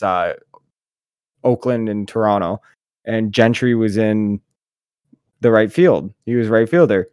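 A man's voice: on the low side, darkish tone, smooth, dry recording, studio quality. A man co-hosting a podcast, telling jokey anecdotes in casual chat and laughing along. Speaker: podcast co-host.

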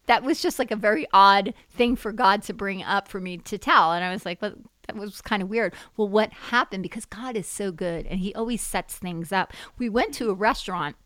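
A middle-aged woman minister telling a lively faith story on a Christian talk show, acting out the dialogue. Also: medium pitch, normal speed, few pauses, dry recording. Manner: animated storyteller, acts out quoted dialogue. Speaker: guest minister.

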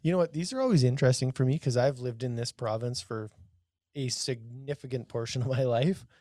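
A man's voice: medium pitch, a little fast, mellow, no echo, studio quality. A man co-hosting a casual podcast, joking and easygoing in his banter. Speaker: co-host.

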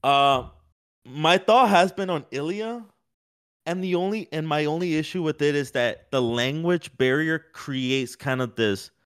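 A man co-hosting a podcast, talking in a rambling, animated, casual way with many fillers. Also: fairly high pitch, unhurried, clear, resonant tone. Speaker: podcast co-host. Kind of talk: casual sports chat.

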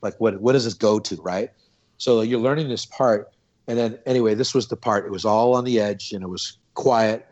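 A man speaking as a podcast guest, rambling and animated as he tells stories, with plenty of restarts. His voice sits on the low side, and the audio is dull and lo-fi. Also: moderate pace. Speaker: podcast guest, former drum corps snare drummer. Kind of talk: casual storytelling chat.

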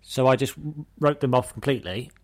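A man's voice: mid-range voice, brisk, no room sound, studio quality. A man co-hosting a podcast, talking in a reflective, teasing casual chat. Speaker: podcast co-host.

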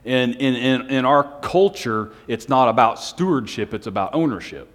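A man preaching a Sunday night sermon, speaking in a self-described monotone with joking asides to the congregation. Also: medium pitch, moderate pace. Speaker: pastor. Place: church hall on a Sunday night. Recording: long hall reverb.

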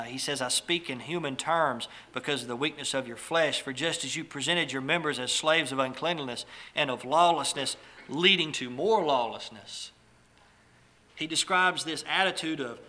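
A man's voice: mid-range voice, sharp tone. A man preaching a sermon in a conversational way, telling stories with small restarts and asides.

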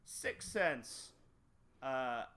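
A man's voice: medium pitch, sing-song, very slow, pushed and bright. A man co-hosting a casual movie review chat, jokey and opinionated.

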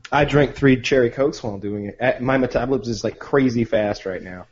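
A mid-pitched man chats easily with his co-hosts and tells a casual story. The recording sounds somewhat dull and lo-fi. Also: brisk, darkish tone. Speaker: podcast co-host. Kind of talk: casual group chat.

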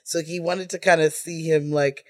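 A woman co-hosting a podcast, telling a film anecdote in casual chat, animated and swearing, acting out quotes with voices. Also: low-pitched, moderate pace, dry recording, studio quality.

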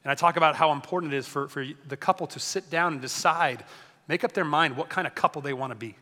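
A man preaching a sermon as a pastor, energetic and conversational, often joking with the congregation. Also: on the high side, fast, long reverb tail.

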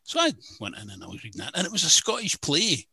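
A man's voice: a little high, wildly swooping pitch, fast talker, vocal fry, bright, forceful tone, slightly rough, no room sound. An older man with a Glaswegian accent, a radio presenter chatting and telling anecdotes in an interview. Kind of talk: casual conversation.

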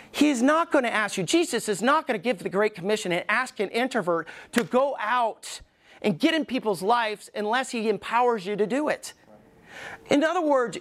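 A middle-aged man preaching a sermon as pastor in a church, emphatic, with pauses, and acting out the voices he quotes. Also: very high-pitched. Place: church sanctuary.

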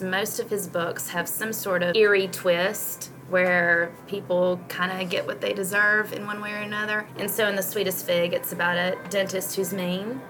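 A woman and homeschooling mom chatting casually on a podcast, retelling a picture book with animated storytelling and frequent laughs. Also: fairly low pitch, noisy background. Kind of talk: casual chat.

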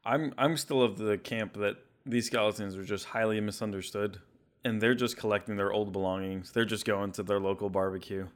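A man's voice: fairly low pitch, fairly even intonation, fairly quick. Rambling man chatting about games. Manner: rambling, leans heavily on "you know". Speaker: podcast co-host. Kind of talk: casual gaming podcast chat.

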